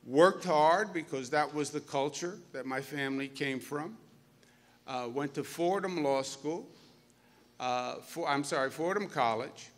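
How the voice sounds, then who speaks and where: A man's voice: on the high side, a little slow. A man in his fifties with a Queens New York accent, giving a folksy public speech to students and telling stories with joking asides. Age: 50s. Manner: folksy, storytelling, jokey asides. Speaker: governor speaking at a school. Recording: reverberant hall.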